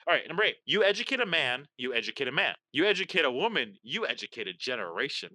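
Co-host, male, lively bright voice, dry close mic, swears freely. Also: mid-range voice, quick pace, no room sound. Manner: animated, swears, reads clues aloud. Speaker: podcast co-host. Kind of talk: casual quiz chat.

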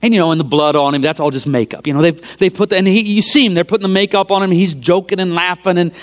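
A man preaching, retelling a film scene by scene in an animated storytelling sermon and dropping to hushed near-whispers for emphasis. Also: high-pitched, fast, few pauses.

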